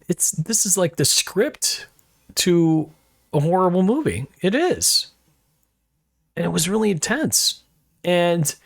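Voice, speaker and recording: Gravelly-voiced man telling a personal story. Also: medium pitch, no echo, clean studio sound. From Rochester, New York area. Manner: rambling, self-correcting, reflective. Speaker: podcast host.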